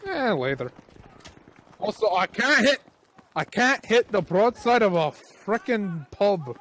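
A man's voice: sits high, big pitch swings, slow pace, a bit bright. A man bantering crudely while gaming in a put-on Scottish accent, sounding tired. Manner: crude, joking, drowsy drawl. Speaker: gamer. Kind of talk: casual gaming chat.

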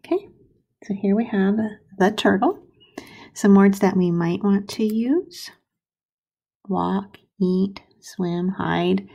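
A woman teaching first graders to write sentences, modeling slowly and sounding out syllables with patience. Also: medium pitch, creaky, mellow. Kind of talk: recorded writing lesson for young children.

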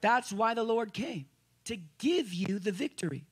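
A male pastor giving a conversational sermon to a congregation. He restarts phrases often and swings between loud emphasis and quiet asides. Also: high voice, expressive, unhurried, slightly rough. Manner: conversational preaching with frequent restarts. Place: church service room with a congregation.

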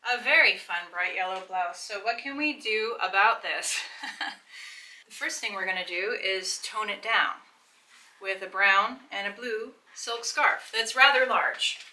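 A woman's voice: mid-range voice, unhurried, bright, forceful tone, poor audio. A middle-aged woman hosting a casual try-on vlog, chatting enthusiastically as she explains and shows things to the viewer. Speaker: fashion vlogger.

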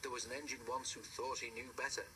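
A man's voice: medium pitch, little pitch movement, fast talker, sharp tone, a little hiss or hum, lightly acted, poor audio. A man voicing a chatty, wise old tank engine who tells a story in a friendly way, for a storybook reading. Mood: storytelling.

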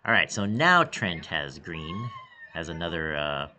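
Man, low voice, very animated pitch, excitable esports coach, live game commentary, thinks aloud, sometimes hushed. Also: measured pace, noisy background. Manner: sometimes drops to a hush.

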